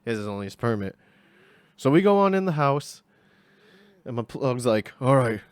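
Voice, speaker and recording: A man's voice: mid-range voice, big pitch swings, moderate pace, clean tone, dry recording. A young man telling a casual story, rambling and slangy, acting out the people in it. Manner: rambling, slangy, acts out voices.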